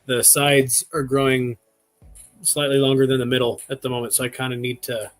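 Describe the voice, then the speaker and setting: A man's voice: mid-range voice, little pitch movement, moderate pace, faint music behind. A man co-hosting a casual livestream, joking and playful as he explains things. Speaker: livestream co-host.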